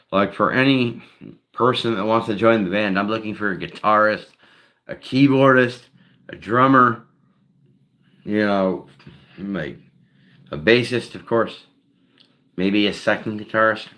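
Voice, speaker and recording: A man's voice: lowish voice, animated, a little slow, fairly bright tone. A man chatting casually on a solo live stream, rambling and heavy on fillers. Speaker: streamer and singer-songwriter.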